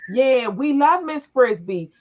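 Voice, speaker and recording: Animated middle-aged woman telling stories. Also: high-pitched, slow pace. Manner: animated storyteller, acts out voices in her stories. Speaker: podcast host. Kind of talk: casual conversation, storytelling. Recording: muffled, lo-fi recording.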